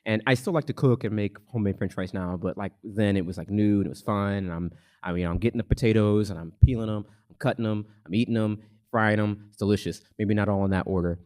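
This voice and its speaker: A man telling a comic personal story live on a theater stage, with a lively, suspense-building delivery. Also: lowish voice, quick pace.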